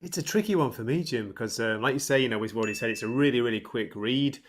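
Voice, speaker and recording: A man's voice: medium pitch, quick pace, a little hiss or hum. A man co-hosting a casual comic review podcast, talking in an easygoing, agreeable way. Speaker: podcast co-host.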